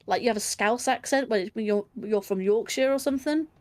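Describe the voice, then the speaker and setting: A woman's voice: on the high side, a little fast. An English woman speaks in a slightly raised voice, her accent a blend of London and standard Southern English. She rambles cheerfully through casual chat over gameplay, working out her thoughts as she goes. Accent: London English mixed with standard Southern English. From England. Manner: rambling, thinking aloud, chatty.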